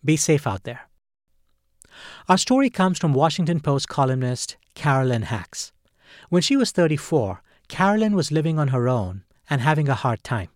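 Man with a slightly high voice hosting. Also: very animated, moderate pace, no echo, clean studio sound. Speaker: podcast host. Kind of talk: scripted narration.

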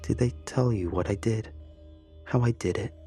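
Man voicing a husky, menacing inmate, low and quiet. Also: normal speed, soft background music. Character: calm, menacing male prison inmate.

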